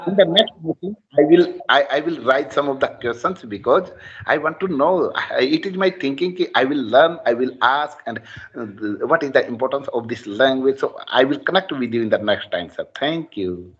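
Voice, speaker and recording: A man speaks to his trainer in an online class. He is earnest and halting, searching for words as he thanks him and vows to improve. The audio is dull and lo-fi. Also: mid-range voice, animated. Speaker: student.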